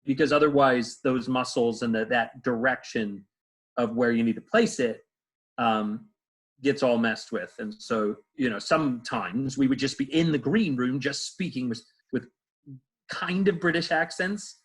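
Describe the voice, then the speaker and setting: Male stage actor, easygoing and rambling, mid-pitched voice, heard over a video call. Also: moderate pace, a bit bright, husky, poor audio. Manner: rambling, many fillers and restarts. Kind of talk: casual interview answers.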